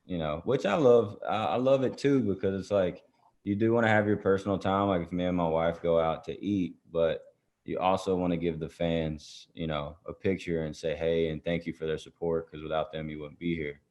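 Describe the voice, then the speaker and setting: A man, answering fan questions in a casual interview, soft-spoken and halting, with many fillers and restarts. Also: sits low, steady tone. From Chattanooga, Tennessee. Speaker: guest musician. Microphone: video call. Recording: muffled video-call audio.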